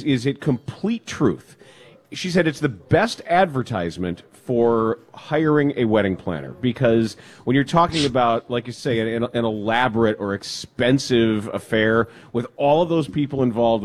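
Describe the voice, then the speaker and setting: A man hosting a sports talk show, telling stories with emphatic asides. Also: mid-range voice. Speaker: sports radio host. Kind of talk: casual sports radio banter.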